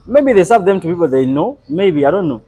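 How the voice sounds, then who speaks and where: A young man from Uganda, hosting a live stream and chatting in a relaxed, rambling way as he answers viewers. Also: high-pitched, brisk, low-quality recording. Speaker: livestream host. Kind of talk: casual live stream chat.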